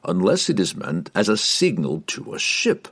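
A genial, breezy man with a deep voice that swings up and down, as a male narrator puts him on. His lines sound light and dismissive. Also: huge pitch swings, normal speed, fairly bright tone, slightly rough, full character voice.

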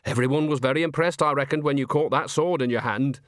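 A man's voice: mid-range voice, quick pace, a bit bright, dry recording, clean studio sound, close to an everyday voice. A man voicing a cheerful, earthy old woman witch who talks in a rambling, folksy, sly way. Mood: chatty. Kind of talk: audiobook character voice.

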